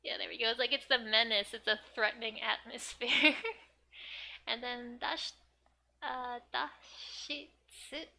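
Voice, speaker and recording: A woman's voice: fairly high pitch, flat delivery, a little slow, gravelly, bright, forceful tone. A young woman giving a casual language lesson, chatty and thinking aloud with fillers and frequent laughs. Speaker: Japanese language tutor.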